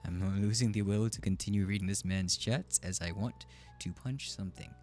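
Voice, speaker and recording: A man's voice: lowish voice, normal speed, darkish tone, soft background music. A man streaming and reacting to online stories with amused, wry asides. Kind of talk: casual reaction commentary.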